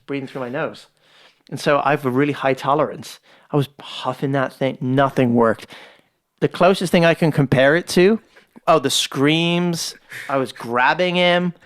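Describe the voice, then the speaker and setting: Swearing Irish man telling a story. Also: on the high side. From Ireland. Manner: animated, swears freely, acts out voices in his stories. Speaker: podcast guest. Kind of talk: casual storytelling.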